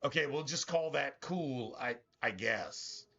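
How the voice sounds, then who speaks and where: A small male sewer rat, worn out and resigned, begging to be spared in slangy, exasperated outbursts, as a man puts him on. The voice is bright and sharp in tone, raised a little above a normal man's talk. The sound is dull and lo-fi, like a game stream. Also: medium pitch, lively intonation, measured pace, husky.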